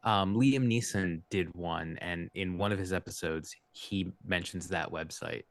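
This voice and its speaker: Man, very deep voice, slow and hesitant, dry sound. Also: creaky, dry recording. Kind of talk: casual chat.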